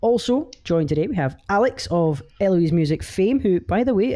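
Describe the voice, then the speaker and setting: A man's voice: high voice, lively intonation, moderate pace, mellow. A man with a Scottish accent hosting a casual podcast, joking around, swearing and laughing often. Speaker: podcast host.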